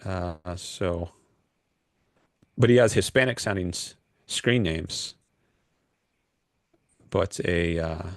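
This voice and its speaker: A man's voice: sits low, no echo, studio quality. A man hosting a call-in livestream, rambling and hesitant with lots of fillers. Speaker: livestream host taking calls. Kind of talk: casual livestream chat.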